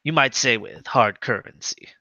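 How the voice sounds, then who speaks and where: A tabletop role-play player who talks slowly and hesitantly, with many fillers, in and out of character. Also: mid-range voice, pushed and bright, no room sound, highs cut off.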